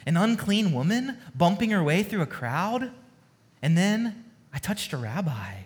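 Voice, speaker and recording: A man's voice: sits high, very animated, measured pace, in a large hall. A man speaking as a frightened, ailing woman who questions herself anxiously in a retold scripture story.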